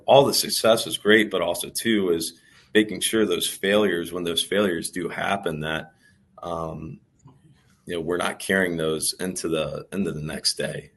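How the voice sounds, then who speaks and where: A man's voice: low voice, steady tone, moderate pace, a bit bright, slight background noise. A man talking casually as an interview guest, rambling through stories with lots of fillers. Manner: rambling, storytelling, many fillers. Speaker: professional baseball player, guest.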